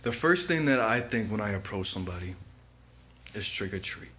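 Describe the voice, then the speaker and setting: A man giving a slow, reflective motivational monologue that circles back on its own phrases. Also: lowish voice, lively intonation, pushed and bright, slight background noise. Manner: slow, deliberate, repeats phrases. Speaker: motivational speaker.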